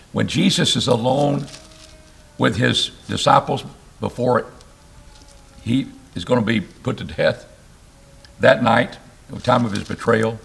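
A man preaching an expository sermon, reading scripture aloud and explaining it, with emphatic rises and sudden low drops. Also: gravelly. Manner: animated, rising to emphatic bursts and dropping low.

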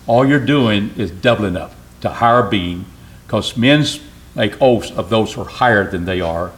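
A man's voice: mid-range voice, a bit bright. A man preaching a sermon in an earnest, emphatic way, often repeating phrases.

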